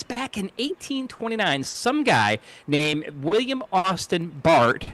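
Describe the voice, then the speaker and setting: A man's voice: high voice, very animated, normal speed, hardly any pauses, a bit bright. A man co-hosting a casual podcast, rambling through a jokey history rundown and fumbling names. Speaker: co-host. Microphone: home mic on a video call.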